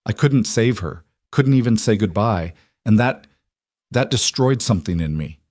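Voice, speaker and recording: A man voicing a gentle, earnest cowboy rancher whose quiet voice is rough with old grief. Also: on the low side, animated, normal speed, no room sound, clean studio sound. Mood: grieving. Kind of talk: audiobook character reading.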